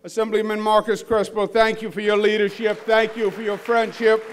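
A man in his fifties with a Queens, New York accent, giving a dinner speech as governor in a large banquet hall, joking and measured. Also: high-pitched, flat delivery, slight background noise. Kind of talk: public address at a dinner.

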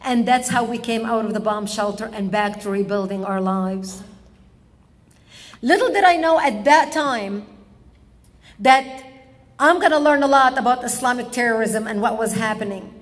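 A woman from Lebanon giving an impassioned public speech, telling stories slowly with emphatic pauses. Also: fairly high pitch, big-room sound. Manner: dramatic storytelling, slow emphatic pauses. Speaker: public speaker. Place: public event hall.

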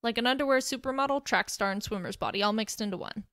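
A woman's voice: mid-range voice, fast, a bit bright, no echo, clean studio sound, lightly acted. A woman voicing a bubbly, chipper teenage girl hero who likes to tease. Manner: chipper and teasing.

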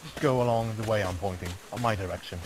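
A man's voice: on the low side, fast, background noise. A man in game voice chat, barking bossy, threatening orders at a captive player. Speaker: gamer.

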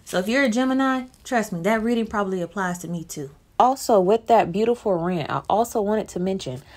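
A woman's voice: lowish voice, a little mellow. Sassy woman chatting to camera. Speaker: YouTube commentator. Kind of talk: casual commentary vlog.

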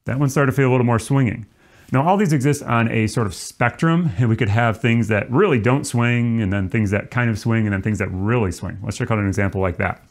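A man teaching trombone, explaining swing feel in a relaxed, demonstrative way. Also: medium pitch, a little fast. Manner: relaxed, demonstrative, counts off and sings rhythm syllables. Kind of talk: music lesson.

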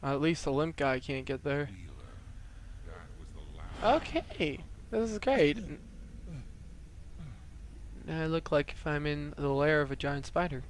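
A man's voice: on the high side, little pitch movement, a little slow, pauses often, a little hiss or hum. A man hosting a horror game let's play, talking jittery to the game and to his viewers.

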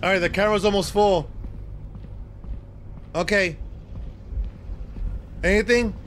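A man streaming a horror game live, talking to his co-player and yelping and shouting in panic. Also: high-pitched, takes it slowly, a little hiss or hum. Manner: excitable, yelps and shouts in panic. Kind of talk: live gameplay commentary.

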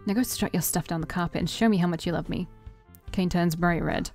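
Mellow-voiced woman reading a game aloud. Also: fairly low pitch, a little fast. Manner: reads all parts in her own voice, joking asides. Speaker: let's-play streamer reading a visual novel aloud. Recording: faint game music behind.

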